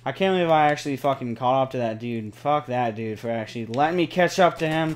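Excitable young man swearing through gameplay. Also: medium pitch, a little fast, few pauses, heavy background noise. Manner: excitable, swears a lot, pleads and groans at the game. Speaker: gaming channel host. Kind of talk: live gameplay commentary.

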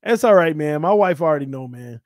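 A man's voice: a little high, expressive, brisk, darkish tone, dry recording, clean studio sound. A man from Florida hosting a casual sports talk livestream, joking and trash-talking as he reads the chat aloud. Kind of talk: casual live-chat banter.

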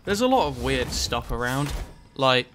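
Man doing gameplay commentary, mid-pitched voice, rambling with filler words, offhand swearing. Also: sing-song, measured pace, fairly bright tone, slight background noise. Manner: rambling, full of ums and likes, casual swearing. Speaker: gaming channel host.

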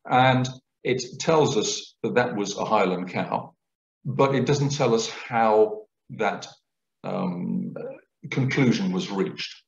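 Male lecturer, lively explanatory delivery, echoey lecture-room recording. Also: mid-range voice. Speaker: guest lecturer. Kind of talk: public lecture. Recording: roomy, dull lecture recording.

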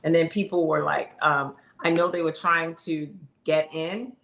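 A woman's voice: low voice, fairly even intonation, measured pace, vocal fry, fairly bright tone. A middle-aged woman coach giving an emphatic, conversational motivational talk straight to her viewers.

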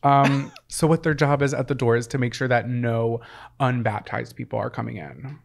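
Deadpan man co-hosting a podcast. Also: medium pitch, normal speed, gravelly. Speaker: podcast co-host. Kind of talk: casual chat.

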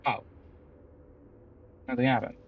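A man's voice: slow pace, narrow, tinny audio, slight background noise. A man commenting on his own horror game play, talking to himself, panicking and yelping at scares, and taunting enemies. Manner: jumpy, panicky yelps, self-talking, taunting. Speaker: gameplay commentator.

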